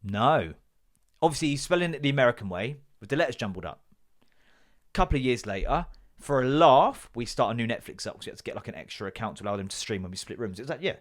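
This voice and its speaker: A man hosting a podcast, telling a story as an animated, exasperated comedic rant and swearing freely. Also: mid-range voice, fast. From Britain. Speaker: podcast host.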